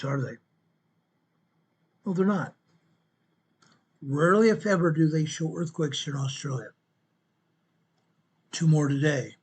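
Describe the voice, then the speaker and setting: Slow, repetitive husky man explaining maps. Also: a little high. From United States. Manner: repeats phrases, slow and emphatic, addresses viewers directly. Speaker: show host presenting earthquake updates. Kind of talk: informal map walkthrough commentary.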